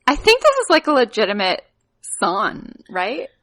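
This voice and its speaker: A woman's voice: fairly high pitch, huge pitch swings, moderate pace, a bit bright, dry recording. A woman co-hosting a podcast, giggly, with joking asides. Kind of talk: casual podcast chat.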